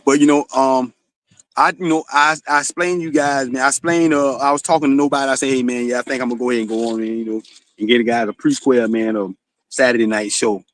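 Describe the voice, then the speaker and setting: A man's voice: medium pitch, steady tone, fast talker, no room sound. A man from Florida, hosting his own stream in a rambling, cussing monologue full of "you know"s. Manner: rambling, swears often, many "you know"s. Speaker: streaming show host. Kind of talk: casual monologue.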